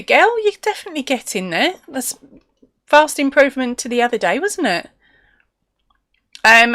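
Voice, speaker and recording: Chatty English woman, fairly high voice. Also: pushed and bright, no echo, studio quality. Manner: chatty, laughs often, reads viewer comments aloud. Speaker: crochet live-stream host. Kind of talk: casual live-stream chat.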